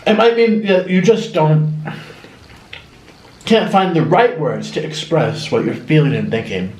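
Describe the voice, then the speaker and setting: A man's voice: a little high, animated, a little slow, darkish tone, slight background noise. A young man vlogging in a casual, rambling monologue, often mimicking other people in a raised voice. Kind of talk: casual monologue while eating. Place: home room. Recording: echoey room.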